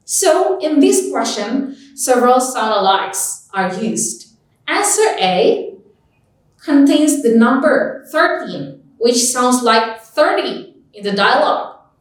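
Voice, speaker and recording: Slow, emphatic woman tutor in echoey room. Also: a little high. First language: Indonesian. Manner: slow, emphatic, repeats example words with lively stress. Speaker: English test tutor. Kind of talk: teaching lesson. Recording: echoey room, voice far from mic.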